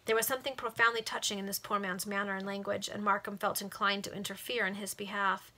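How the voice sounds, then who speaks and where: A woman reading a novel aloud to friends over a video call, expressive and casual. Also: mid-range voice, fast, few pauses. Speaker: reader.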